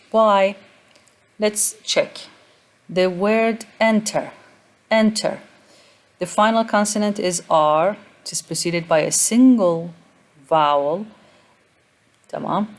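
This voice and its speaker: Low-voiced woman lecturing on grammar. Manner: methodical, repeats example words aloud, frequent uh fillers. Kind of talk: recorded lecture explaining spelling rules.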